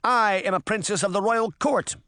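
A man voicing a haughty, indignant young fairy princess, raising his pitch in a storybook reading. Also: normal speed, sharp tone, dry recording, studio quality.

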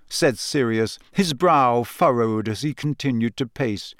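A man's voice: medium pitch, a little slow, hardly any pauses, clean tone, dry recording. A man narrating a storybook, reading in a close, studio-like setting. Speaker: audiobook reader.

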